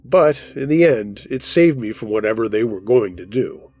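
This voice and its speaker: A man hosting a horror podcast, reading a listener's true scary story aloud in the first person with steady, measured narration. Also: mid-range voice, faint music behind. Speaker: storytelling host.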